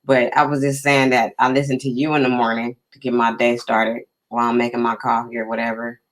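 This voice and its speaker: A man's voice: mid-range voice, little pitch movement, brisk, a bit bright, rough recording. A man hosting a casual live stream, chatting easily and greeting viewers by name.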